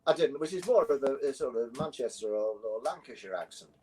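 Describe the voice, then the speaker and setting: An older English man with a London accent, a guest recalling stories in a relaxed, rambling way with many self-corrections. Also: medium pitch, fairly quick, crowd noise, rough recording. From London, England. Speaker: guest, actor and musician. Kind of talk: relaxed conversational interview.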